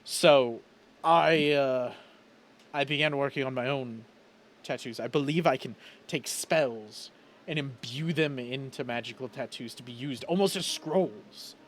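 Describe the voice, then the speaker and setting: A man's voice: mid-range voice, slight background noise, close to an everyday voice. A man voicing a weary male tattoo artist on the run from a guild, close to his own everyday voice and earnest in tone. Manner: earnest, a little hurried.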